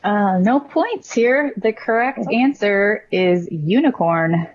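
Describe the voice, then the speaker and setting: A woman hosting a trivia game, reading questions and answers in a brisk, matter-of-fact way. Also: mid-range voice, expressive, dull audio. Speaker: quiz host.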